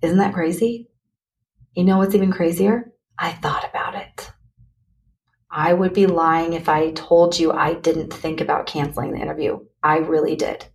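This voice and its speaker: A woman's voice: low-pitched, steady tone, normal speed, a little mellow. Earnest woman podcaster giving a pep talk. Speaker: podcast host. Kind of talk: solo motivational podcast talk.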